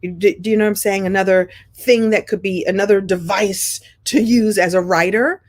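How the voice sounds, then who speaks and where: Expressive woman host in her fifties. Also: normal speed. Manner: warm, expressive storytelling with playful pitch jumps. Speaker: show host. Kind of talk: casual monologue to camera.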